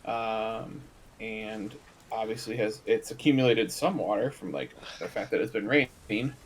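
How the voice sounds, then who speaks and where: A man in a mid-range voice, playing at a tabletop game. He describes his character's actions in a halting way, full of fillers. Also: fairly low pitch. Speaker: player. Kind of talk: casual tabletop play.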